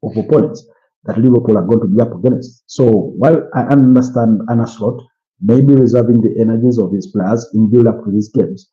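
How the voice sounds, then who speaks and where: A weary Ugandan man hosting a football watch-along talks a little fast in a warm, lowish voice, yawning as he goes. He rambles in casual live commentary and opinion with lots of "you know," captured in muffled, lo-fi stream audio.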